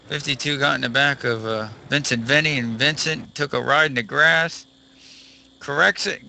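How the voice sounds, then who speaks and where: A man's voice: mid-range voice, gravelly, pushed and bright, slight background noise. A man from northwestern New Jersey, co-commentating a sim race in a laid-back way with dry jokes. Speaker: race co-broadcaster.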